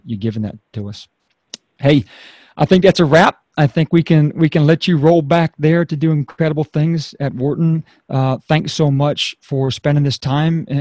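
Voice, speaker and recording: Male podcast host, upbeat, casual, slightly high voice. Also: no room sound. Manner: upbeat, energetic, hypes the sign-off; repeats words when starting a phrase. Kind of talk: casual interview talk.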